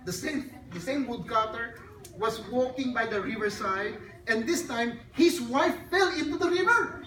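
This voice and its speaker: A woman's voice: fairly high pitch, lively intonation, normal speed, a bit bright. A woman giving an earnest, sermon-like talk at a child dedication, telling stories to her audience. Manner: earnest, storytelling, addresses audience directly. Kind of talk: sermon-like talk with a joke story. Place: hotel function hall. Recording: echoey hall, distant mic, background noise.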